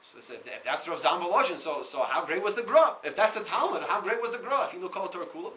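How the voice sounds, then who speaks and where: Male Torah teacher, high and forceful, reads Hebrew lines and translates each one, lively, repeats himself, faint background hiss. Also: quick pace, poor audio. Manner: animated, repeats words. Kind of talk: Torah class.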